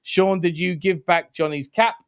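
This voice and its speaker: Man, co-host, matey chat, smooth clear voice, slightly high, dry mic. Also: steady tone, moderate pace, no room sound. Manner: chatty, matey, stumbles over words. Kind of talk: casual live-stream chat.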